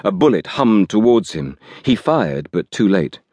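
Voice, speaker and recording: Low-voiced man narrating a thriller. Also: very animated, mellow, no room sound. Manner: measured, dramatic storytelling with acted dialogue. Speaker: audiobook narrator. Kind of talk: scripted narration.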